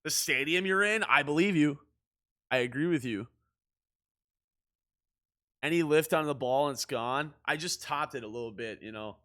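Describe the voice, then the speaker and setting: A man's voice: on the high side, moderate pace, pauses often, bright, forceful tone. A man streaming a baseball video game, joking and ribbing his chat in casual commentary. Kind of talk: casual livestream gaming commentary.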